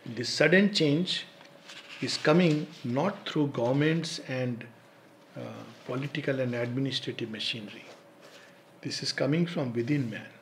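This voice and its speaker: A man giving a reflective spiritual talk, reciting poetry slowly and laughing often as he explains. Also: mid-range voice, slight background noise. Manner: thoughtful, laughs often, slow deliberate recitation. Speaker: spiritual teacher and speaker.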